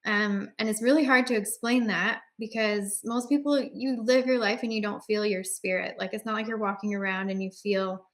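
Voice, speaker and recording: An earnest woman recounts her own faith story in a casual, conversational way. She often pauses on fillers and starts sentences over, and her voice carries quiet emotion as she speaks. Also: medium pitch, fairly even intonation. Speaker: guest sharing her faith testimony. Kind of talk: personal testimony, casual storytelling.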